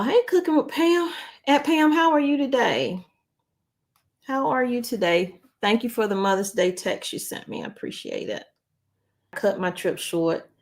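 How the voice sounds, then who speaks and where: A middle-aged woman, hosting a casual news vlog and greeting viewers by name. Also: medium pitch. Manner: chatty, warm-hearted, talks to viewers by name. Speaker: channel host.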